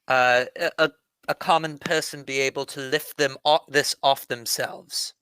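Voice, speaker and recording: A man at a tabletop game who talks slowly and works through his moves with careful questions. His voice is bright and smooth, recorded dry and close to the mic. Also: medium pitch, steady tone, dry recording, rough recording. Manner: slow, careful, methodical questions about rules. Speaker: player. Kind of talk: casual tabletop game chat.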